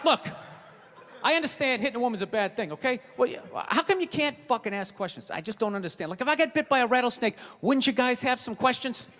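Ranting man with a very high, bright voice. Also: lively intonation, fast talker, a little hiss or hum. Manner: profane, ranting, mocking. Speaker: stand-up comedian. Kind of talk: stand-up comedy set. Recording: stage mic in a reverberant hall with a live audience.

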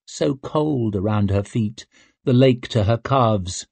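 Slow, husky male audiobook narrator. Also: fairly low pitch, no echo. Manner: measured, even storytelling. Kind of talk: scripted narration.

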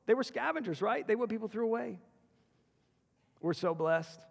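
High gravelly man in echoey hall. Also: moderate pace. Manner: earnest, moving from hushed to excited retelling. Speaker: chapel speaker. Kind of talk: personal storytelling sermon. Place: school chapel.

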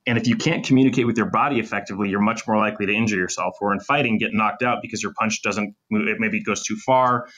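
A man's voice: fairly low pitch, steady tone, a bit bright. A man, a sports medicine doctor as podcast guest, explaining injury and muscle function in detail with clinical terms. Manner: fast, technical, lecturing with clinical terms. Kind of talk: podcast interview, explaining in depth.

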